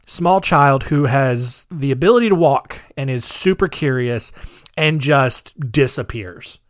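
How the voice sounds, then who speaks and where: A man in his thirties hosting a podcast, rambling in a chatty way with dark sarcastic humor. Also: mid-range voice, unhurried, no room sound, clean studio sound. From United States. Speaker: podcast host. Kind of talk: casual podcast monologue.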